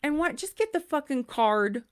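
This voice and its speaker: Animated, blunt woman podcast host. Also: sits high, moderate pace. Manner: animated and blunt, swears freely. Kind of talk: casual chat, reading listener stories aloud.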